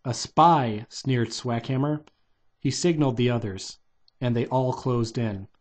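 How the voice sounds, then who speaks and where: A man's voice: medium pitch, measured pace, a little mellow. A man reading a children's novelization aloud in a loose, unpolished way, stopping to redo lines. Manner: loose, unpolished delivery with restarts and "take two" retakes. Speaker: reader.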